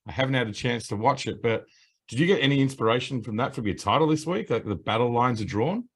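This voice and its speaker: A man's voice: medium pitch, fast, slightly rough. A man hosting a casual finance interview, upbeat and friendly, with some teasing. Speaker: host.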